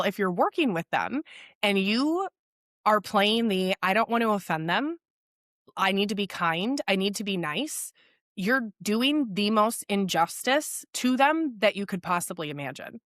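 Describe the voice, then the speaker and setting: A woman's voice: mid-range voice, fairly bright tone, no echo, clean studio sound. A woman hosting a solo podcast, talking bluntly and candidly, swearing freely and telling stories. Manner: blunt, frequent swearing, storytelling; quotes others in acted voices. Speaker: podcast host.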